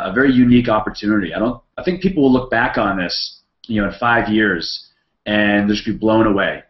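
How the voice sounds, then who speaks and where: Low-voiced man in an echoey room. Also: dull audio. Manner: agreeable, hesitant, with many fillers. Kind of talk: casual online hangout chat.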